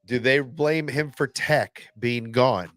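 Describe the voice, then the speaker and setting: A man hosting a casual fan reaction video, excitable and blunt, swearing and restarting his sentences often. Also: mid-range voice, slow, no room sound, studio quality.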